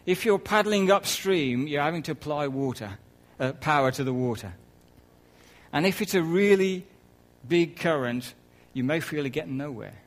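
A man's voice: fairly high pitch, lively intonation, moderate pace, poor audio. Man preaching a chatty sermon. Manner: conversational, with soft laughs and asides.

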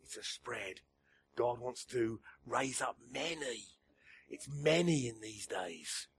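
Slow, emphatic male preacher. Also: mid-range voice, a little hiss or hum. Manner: emphatic preaching that drops to a hushed near-whisper. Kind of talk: sermon to a church gathering.

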